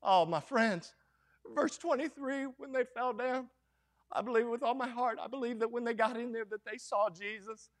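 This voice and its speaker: Fervent male Baptist preacher, very high voice, dramatic swells in volume. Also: normal speed. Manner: impassioned preaching, swings from hushed to loud. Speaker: Baptist pastor. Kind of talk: sermon.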